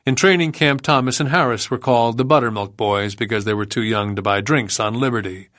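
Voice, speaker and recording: A man reading a non-fiction audiobook as narrator, in a measured, grave storytelling manner. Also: medium pitch, a bit bright. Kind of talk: scripted narration.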